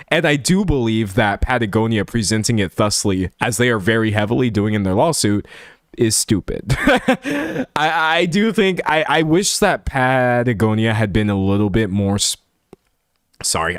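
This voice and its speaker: A man's voice: on the low side, no echo, clean studio sound. A man talking through a story in casual commentary, chatty and self-correcting as he reads comments aloud. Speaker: commentary streamer. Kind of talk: casual live-stream commentary.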